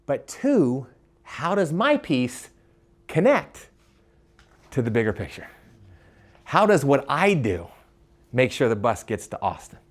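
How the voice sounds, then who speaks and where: A man leads a live leadership workshop in a mid-range voice, full of energy. He keeps asking the audience questions and stammers through quick restarts.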